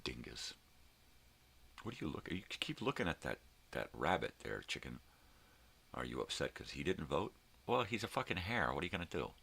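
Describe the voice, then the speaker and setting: A man's voice: very deep voice, very animated, moderate pace, gravelly, pauses often, sharp tone, a little hiss or hum. A middle-aged man hosting his own morning vlog, ranting and rambling casually with plenty of swearing. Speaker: vlogger host.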